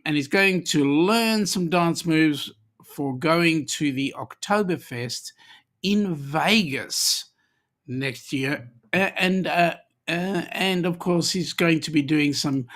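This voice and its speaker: A man's voice: a little high, takes it slowly, fairly bright tone. A middle-aged Australian man hosting a casual live-stream chat, joking and reading viewers' comments aloud. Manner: chatty, jokey, reads comments aloud.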